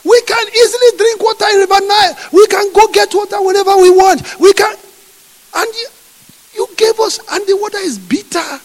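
Preacher guy doing high shrieky whiny israelites yelling at god, big echoey hall. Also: huge pitch swings, normal speed, hardly any pauses, full character voice. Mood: shouting angrily. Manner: shouting, whining, pleading. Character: crowd of complaining wandering Israelites, whiny.

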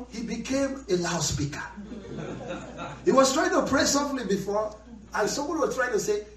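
A man preaching a sermon with an animated delivery, moving between quiet storytelling and shouting. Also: very high voice, moderate pace. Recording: echoey hall, heard from far off.

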